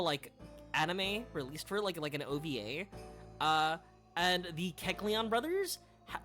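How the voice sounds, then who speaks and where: Animated, rambling game streamer. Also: medium pitch. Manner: rambling, stammering restarts, frequent laughs, crude slang. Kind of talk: casual let's-play commentary while reading game dialogue.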